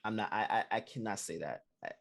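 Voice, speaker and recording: A man's voice: fairly low pitch, quick pace, gravelly. A man co-hosting a casual chat over a video call, emphatic and often repeating himself. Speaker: co-host.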